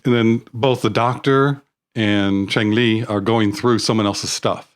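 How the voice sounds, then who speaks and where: A man's voice: lowish voice, fairly even intonation, a little slow. A man co-hosting a podcast, chatting casually and laughing often. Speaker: podcast co-host. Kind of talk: casual chat.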